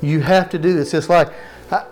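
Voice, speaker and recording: A man with a fairly high voice preaching to his congregation in a relaxed, talky way. He keeps asking the room questions and answers them himself. He repeats key phrases twice for weight and slips in light jokes. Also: normal speed, faint music behind. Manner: repeats phrases for emphasis, joking asides. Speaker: pastor. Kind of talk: sermon. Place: church sanctuary with live congregation.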